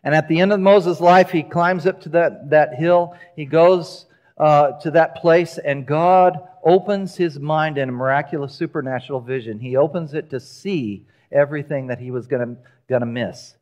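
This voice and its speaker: A man preaching a sermon in a church, telling the story with lively acted-out voices. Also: a little high, normal speed, lo-fi sound. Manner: animated storytelling, acting out quoted voices. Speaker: pastor. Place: church sanctuary.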